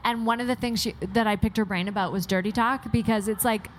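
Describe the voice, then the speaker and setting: Woman, kinda high voice, blunt chatty storyteller, light background noise. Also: fast. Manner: frank, animated storytelling with swearing. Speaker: podcast co-host. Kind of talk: candid casual chat.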